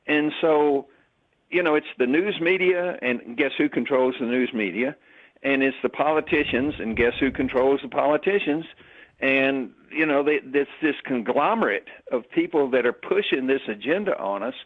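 Emphatic guy, mid pitch, on a tinny phone line. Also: moderate pace. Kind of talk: casual chat.

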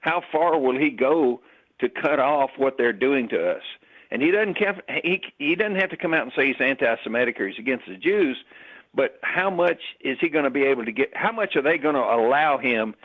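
Emphatic guy, mid pitch, on a tinny phone line. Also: expressive, moderate pace. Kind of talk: casual chat.

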